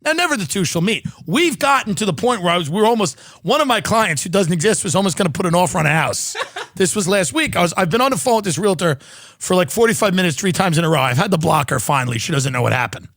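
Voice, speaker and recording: Man, podcast host, high pitch, sardonic comic storytelling, mimics voices, dry studio sound. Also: animated, fast talker, fairly bright tone, dry recording. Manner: sardonic, riffing, mimics other people's voices. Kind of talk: comedic storytelling monologue. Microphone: studio podcast mic.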